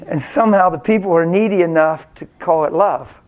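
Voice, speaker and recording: High-voiced man preaching a story. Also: fairly quick. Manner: animated, self-mocking, acts out quotes. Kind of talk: sermon with personal storytelling.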